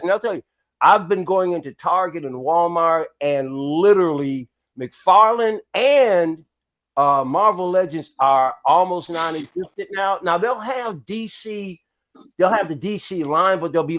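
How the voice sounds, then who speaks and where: A man hosting a casual chat, talking in a lively way and cutting in over the others. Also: on the high side.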